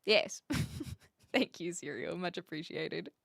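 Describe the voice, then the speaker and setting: A young woman with a New Zealand accent, chatting with her stream and reading out comments, giggly and trailing off into quiet asides. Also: fairly low pitch, animated, slow pace, gravelly, dry recording, studio quality. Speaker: livestreamer.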